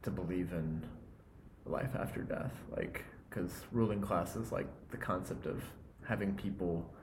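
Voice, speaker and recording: A low-pitched man talking very slowly as a podcast co-host explaining the Old Testament. His voice often drops and trails off, with a faint hiss of background noise behind him. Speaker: co-host, Bible scholar. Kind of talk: casual explanatory chat.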